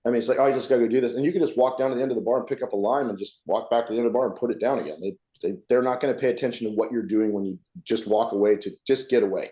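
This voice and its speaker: A man's voice: medium pitch, rapid-fire, hardly any pauses, warm tone. A man co-hosting a casual podcast, a working bartender telling blunt stories and acting out customers. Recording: echoey room.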